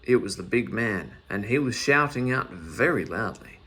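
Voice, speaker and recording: Lively man reading a children's story. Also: lowish voice, moderate pace, slightly rough. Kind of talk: children's story read aloud.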